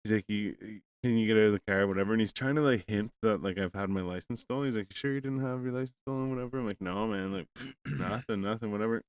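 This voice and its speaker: A man's voice: lowish voice, fast, clear, resonant tone, no echo. A man hosting a podcast, telling a rambling, profane story in casual chat and acting out both sides of a conversation. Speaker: podcast host.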